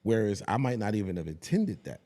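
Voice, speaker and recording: A man around forty, a podcast guest, chatting casually and telling stories in a profane, animated way. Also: on the low side, a little fast.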